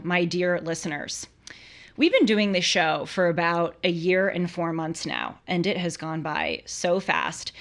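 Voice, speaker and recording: A woman's voice: lowish voice, a bit bright. A young woman hosting a live call-in show, chatting casually and laughing easily. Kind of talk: casual live-stream talk.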